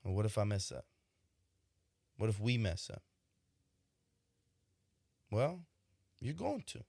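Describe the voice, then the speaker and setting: A man's voice: on the low side, big pitch swings, takes it slowly, vocal fry, dark tone, dry recording. Reflective male podcast host, dry mic. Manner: reflective, conversational, frequent "right?" asides. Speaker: podcast host, expecting father. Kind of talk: casual monologue.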